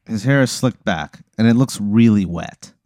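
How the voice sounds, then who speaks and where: A man hosting a comedy podcast, telling an improvised scenario in a halting way, with fillers and giggles. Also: fairly low pitch, mellow, no room sound. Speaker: comedy podcast host running a hypothetical scenario. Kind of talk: improvised storytelling chat.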